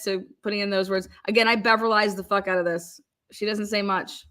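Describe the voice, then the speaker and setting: Woman, livestream host, excitable, giggly, casual swearing. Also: mid-range voice, unhurried, pauses often. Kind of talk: casual live-stream chat.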